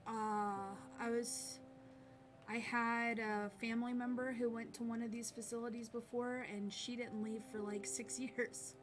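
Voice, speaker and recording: A woman streamer telling a personal story to camera in a halting, hesitant way, often pausing and restarting. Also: on the high side, flat delivery. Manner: halting, hesitant, with many pauses and fillers. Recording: clear instrumental music in background.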